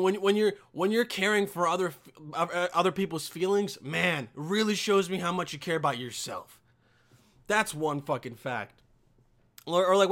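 High bright-voiced swearing ranting man. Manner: heavy swearing, loud bursts, mocking quoted voices. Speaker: vlogger. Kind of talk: profane comedic rant.

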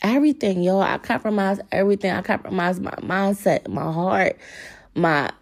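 A woman's voice: medium pitch, moderate pace, creaky. Young woman podcaster, blunt and cussing, gets all worked up talking to y'all. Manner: candid, profane, worked up, addresses listeners as y'all. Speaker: podcast host. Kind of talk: casual monologue.

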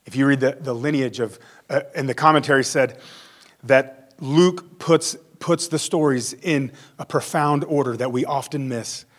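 A man's voice: medium pitch, moderate pace. A male pastor giving a conversational sermon, acting out the quotes he reads.

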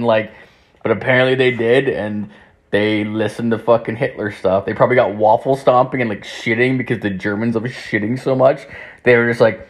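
A man's voice: mid-range voice, fairly even intonation, moderate pace. A young man telling a rambling story in casual talk, swearing heavily and filling his speech with "like". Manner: rambling, heavy swearing, constant "like".

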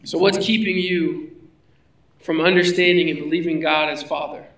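A man's voice: fairly high pitch, steady tone, normal speed, a bit bright, reverberant, far from the mic, low-quality recording. A man preaching a sermon in a conversational way, asking his listeners rhetorical questions. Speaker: pastor.

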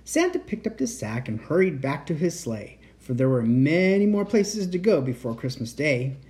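A man reading a children's picture book aloud as a bedtime storyteller, expressive and animated. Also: fairly high pitch, moderate pace.

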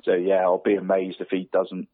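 Calling in to a radio show, a low-pitched man runs through the football league results in a monotone at moderate speed. He's hesitant and repetitive, addressing the host as "mate" again and again, and the phone line sounds tinny.

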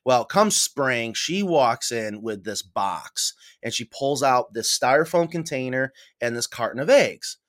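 A middle-aged man from New York State, a podcast guest telling stories in a casual, animated way and acting out the voices he quotes. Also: medium pitch, measured pace, hardly any pauses. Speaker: podcast guest, coop builder. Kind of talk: casual storytelling interview.

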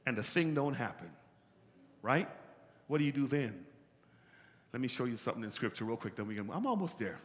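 A pastor preaching an animated call-and-response sermon that builds up to shouts. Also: male voice, mid-range voice, fairly quick, pauses often, in a large hall.

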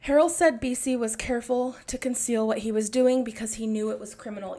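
Young woman ranting on her podcast, blunt and sarcastic, lots of swearing, kinda high voice. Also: steady tone, a little fast, hardly any pauses, warm tone. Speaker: podcast host. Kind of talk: angry monologue.

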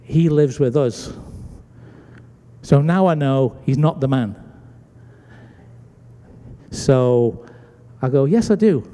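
Very slow and pausing often, this British pastor preaches in a mid-range voice. He tells his story with animation, acting out the dialogue of those in it, and the church sanctuary recording has long hall reverb.

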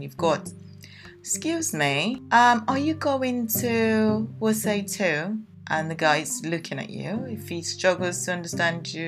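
Nigerian woman hosting a solo podcast, low voice, frank and chatty, guitar music behind. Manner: frank, chatty, lots of ums. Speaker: podcast host. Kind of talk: casual personal monologue.

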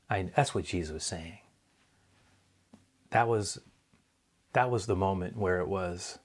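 A man preaches a sermon in a relaxed, conversational way, retelling a story with lively asides. His voice sits on the low side for a man. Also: unhurried, long pauses, slightly rough.

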